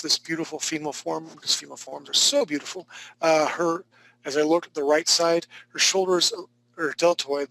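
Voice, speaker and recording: Male art teacher, fairly high and gravelly, chatty and joking while giving feedback. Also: pushed and bright, dry recording, rough recording. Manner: joking, laid-back, chatty. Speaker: art instructor. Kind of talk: live online drawing class critique.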